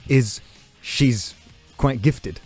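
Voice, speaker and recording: A man's voice: mid-range voice, extremely slow, a little mellow, husky, soft background music. A man reviewing films on a radio show, enthusiastic and giggly, his voice a bit throaty today. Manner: giggly, enthusiastic, self-mocking. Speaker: film reviewer guest. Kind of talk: radio film review chat. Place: radio studio.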